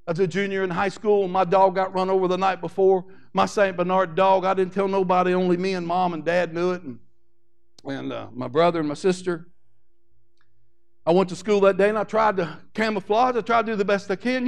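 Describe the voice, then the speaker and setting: An older man preaches a fervent sermon, his voice pitched notably high for a man. He calls out to the congregation for responses as he goes. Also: creaky. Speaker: pastor.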